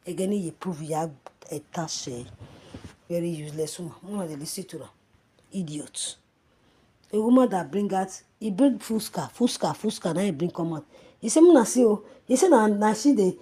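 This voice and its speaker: Nigerian woman gossip vlogger, husky, angry and mocking rant, loud then muttering. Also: mid-range voice. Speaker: social media commentator. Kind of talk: ranting gossip vlog in pidgin and Yoruba.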